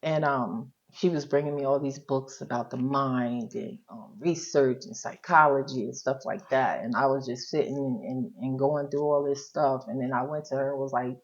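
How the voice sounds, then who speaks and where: A woman with a deep, low voice tells her own story as an interview guest, candid and colloquial. She often acts out what she used to say. The recording sounds slightly dull and lo-fi. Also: steady tone, moderate pace, hardly any pauses. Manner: colloquial and frank, quotes her own past words. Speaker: interview guest, social worker.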